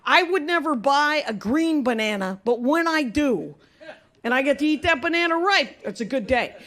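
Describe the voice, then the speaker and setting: Pushy old salesman father with rapid-fire questions, played by a woman comic, high-pitched. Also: lively intonation, fairly bright tone. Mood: gruff.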